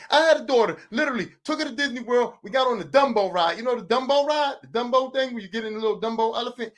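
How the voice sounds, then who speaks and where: A man's voice: high voice, fairly bright tone. A middle-aged man hosting a podcast, ranting casually and comically with heavy profanity and phrases repeated for emphasis. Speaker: podcast host. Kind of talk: casual comedic rant.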